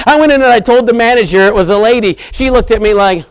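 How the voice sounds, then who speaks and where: A middle-aged male preacher telling a folksy story in a sermon, animated and repetitive. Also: extremely high pitch, quick pace, rough recording.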